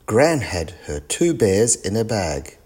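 A man reading a children's storybook aloud in a gentle, even storytelling manner. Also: on the low side, takes it slowly, breathy edge. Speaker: storybook reader.

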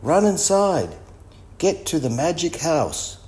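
A man's voice: mid-range voice, big pitch swings, measured pace, mellow, pitched above the performer's own voice. A man voicing Biff, a bossy young girl who takes charge, in an urgent, commanding tone.

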